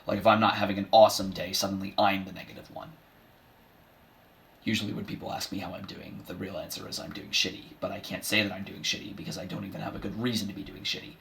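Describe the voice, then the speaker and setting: Man doing a bitter middle-aged horse, sardonic, self-mocking, dry, lowish voice. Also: little pitch movement, quick pace, vocal fry, fairly bright tone, a little hiss or hum. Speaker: son giving a eulogy. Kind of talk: comedic dramatic monologue.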